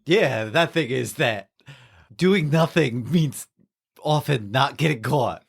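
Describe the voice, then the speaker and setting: A man playing a tabletop game, speaking slowly and laying out his plan. His voice has a gravelly edge. His pitch moves about freely. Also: expressive. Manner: slow, amused, explaining choices. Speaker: player. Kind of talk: casual tabletop play.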